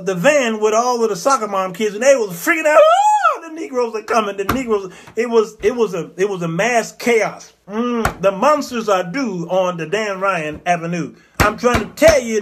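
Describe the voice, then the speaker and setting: A man hosting a comedy talk show, telling a satirical story in an animated way and jumping into put-on voices. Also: high-pitched, slight background noise.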